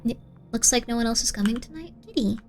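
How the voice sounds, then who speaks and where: Woman streamer: rambling, bouncy gameplay chat, slightly high, game music faintly behind. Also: expressive, fast talker, a little mellow. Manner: chatty, rambling. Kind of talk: casual gameplay commentary.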